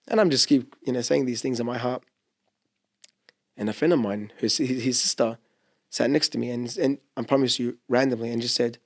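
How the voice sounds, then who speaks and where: Young man with a gravelly voice. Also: medium pitch, steady tone, a little mellow. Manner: emotional, halting, with many restarts. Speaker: seminarian guest. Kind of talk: personal testimony in a podcast interview. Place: church podcast studio.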